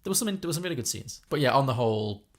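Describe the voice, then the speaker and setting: A man's voice: medium pitch, animated, racing. A British man co-hosting a podcast, chatting about films in an opinionated way with frequent restarts. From Britain. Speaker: podcast co-host. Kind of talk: casual film review chat.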